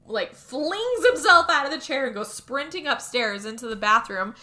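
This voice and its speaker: A woman co-host with a bright, fairly high voice recaps a movie in casual podcast chat. Her pitch swings widely as she acts out each character. She swears freely and keeps the story moving. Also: moderate pace. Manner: animated retelling, acting out lines, swearing.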